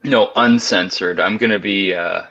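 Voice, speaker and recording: A man co-hosting a podcast in casual chat, deadpan and hesitant, pausing often on fillers. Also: deep voice, a little hiss or hum. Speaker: podcast co-host. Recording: dull lo-fi sound.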